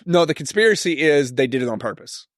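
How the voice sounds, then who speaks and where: A man with an Oklahoma accent and a fairly high, animated voice co-hosts a casual podcast, talking quickly and easygoingly as he lays out ideas. He agrees often with short remarks and laughs along. The sound is clean studio audio with no room sound.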